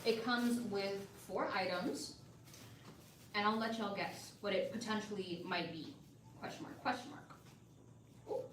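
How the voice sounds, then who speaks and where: An upbeat, chatty woman pitches hair products on a live stream, calling out to her viewers in a friendly, casual way. She sits a little back from the mic in an echoey room. A faint hum of ambience runs underneath. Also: measured pace, distant mic. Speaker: livestream seller.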